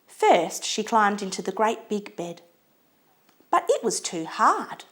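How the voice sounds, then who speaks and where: A woman reading a children's storybook aloud in an expressive, lilting way. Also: medium pitch, slow.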